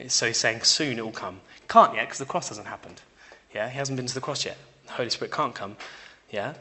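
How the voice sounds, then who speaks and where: A young man preaching in a casual, chatty way, his voice bright and forward. He checks in with the room often with a quick "yeah?" and moves between loud emphatic bursts and quiet asides. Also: medium pitch. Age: young adult. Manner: conversational, checks in with listeners by asking "yeah?". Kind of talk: informal sermon.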